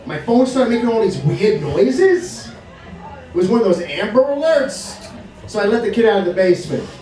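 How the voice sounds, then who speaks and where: A middle-aged man doing a stand-up comedy set, brash and swearing, shouting his punchlines at a live crowd in a bar. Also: high voice, big pitch swings, normal speed, recorded from a distance. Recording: echoey room, from afar, crowd laughter.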